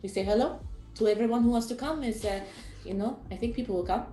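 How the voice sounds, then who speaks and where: A woman hosting a casual chat, playful and drawn-out as she talks. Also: fairly high pitch, dark tone, soft background music. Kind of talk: casual video-call chat. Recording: echoey room.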